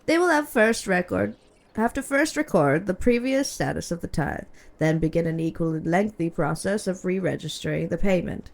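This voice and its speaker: A woman's voice: on the low side, animated, creaky, pitched below the performer's own voice. A woman reading as a prim imperial bureaucrat. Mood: formal. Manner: formal, measured, coolly polite. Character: prim female imperial bureaucrat, cold and precise. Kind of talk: reading game dialogue aloud.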